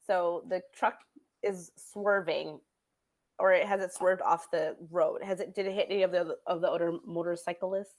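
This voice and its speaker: A woman's voice: on the low side, steady tone, normal speed. A woman playing a tabletop role-playing game, asking careful questions to picture the scene. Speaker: player. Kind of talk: casual tabletop play.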